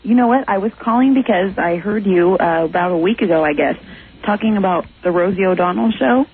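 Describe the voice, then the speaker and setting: Eager fast-talking radio caller on a phone line. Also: mid-range voice, slightly rough. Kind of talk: phone-in chat.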